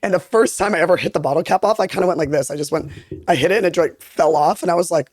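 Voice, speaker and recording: A young adult woman on a podcast spills out an animated story at a brisk clip, packed with filler words. Her voice sits close and dry, with no room sound around it. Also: on the low side, dry recording. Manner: animated, rapid talker full of fillers. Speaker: podcast guest, content creator. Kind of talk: casual storytelling chat.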